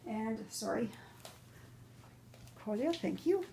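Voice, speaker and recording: A middle-aged woman talking casually while she demonstrates a recipe in a home kitchen. She rambles and fills pauses with "um". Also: on the high side, lively intonation, gravelly, warm tone, slight background noise. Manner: chatty and rambling, with many fillers. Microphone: camera mic, filmed by her son.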